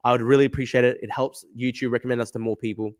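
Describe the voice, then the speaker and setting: A young Australian man hosts a livestream, casually reading chat comments and riffing on them while rambling and circling back to repeat his points. His mid-pitched voice is steady and somewhat dark in tone, and he talks at a racing speed.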